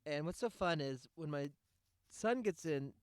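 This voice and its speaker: A man's voice: a little high, expressive, unhurried, dry recording, clean studio sound. A man hosting a podcast, going on a sarcastic, profane rant in a casual monologue. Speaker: podcast host.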